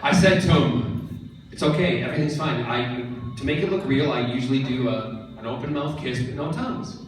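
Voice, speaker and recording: A man on stage at a fan convention panel, teasing the audience and telling a lively anecdote. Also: medium pitch, moderate pace. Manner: playful, teasing, theatrical. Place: large convention hall. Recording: echoey hall taped from far off. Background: audience crowd.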